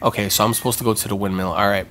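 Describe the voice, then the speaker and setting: A gaming channel host with a voice on the low side talks very fast through a let's-play, casual and slangy. As tension rises he turns excitable, yelping and repeating himself. Loud game music sits underneath, along with a little hiss or hum.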